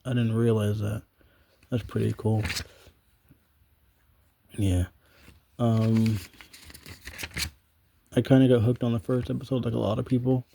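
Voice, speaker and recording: A man's voice: medium pitch, level tone, unhurried, vocal fry, long pauses, mellow, slight background noise. A young man talking in a loose, meandering casual monologue, full of ums and offhand swearing. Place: small room, flipping through notebook pages.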